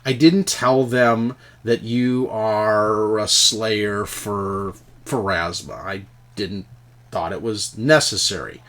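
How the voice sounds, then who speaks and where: A man's voice: lowish voice, slow pace, a bit bright. A man voicing a curt, evasive woman adventurer in a tabletop game.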